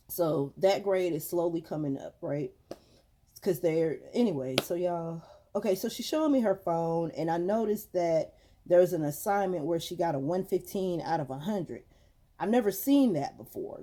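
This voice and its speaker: Woman, mom vlogger, casual rant, lively swooping pitch, warm mellow voice, acts out her own quotes. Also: moderate pace. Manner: animated storytelling, acts out quotes; talks straight to viewers as "girl" and "y'all".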